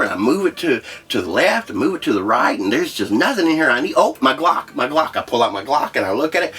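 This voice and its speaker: A man hosting a comedy show, telling a profane story in a brash, loud way. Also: medium pitch, slightly rough. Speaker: host. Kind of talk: comedic monologue.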